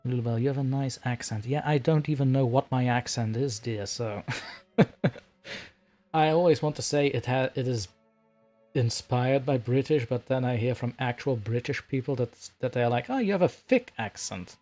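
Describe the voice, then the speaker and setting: Guy rambling on his livestream, laughs a lot, middle pitch voice, bit of quiet music behind. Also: steady tone, moderate pace. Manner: rambling and chatty, laughing often. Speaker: livestream host and story narrator. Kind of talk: casual livestream chat.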